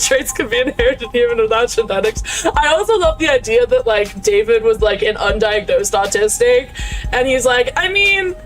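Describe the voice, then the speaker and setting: A woman's voice: fairly high pitch, moderate pace. Giggly woman streamer chatting over gameplay. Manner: giggly, chatty, lots of fillers. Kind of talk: casual gameplay commentary. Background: faint music.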